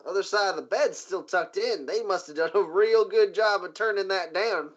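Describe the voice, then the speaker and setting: A man narrating a tabletop game as game master in a relaxed way, full of fillers and little sound effects. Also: high-pitched, normal speed. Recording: muffled lo-fi recording.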